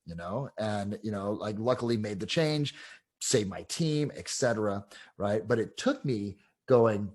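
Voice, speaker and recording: A man with a low, husky voice tells stories from his coaching career in a loose, animated way. He leans on fillers like "you know" and "like", and he acts out the other people in his stories. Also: moderate pace. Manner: casual, animated anecdotes with many fillers. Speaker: real estate coach. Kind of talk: interview storytelling.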